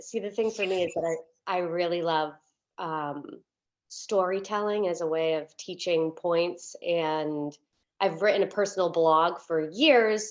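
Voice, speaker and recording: A woman minister giving a sermon as a candid, chatty personal story, with many fillers and restarts, at times close to tears. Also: fairly low pitch. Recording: dull lo-fi recording.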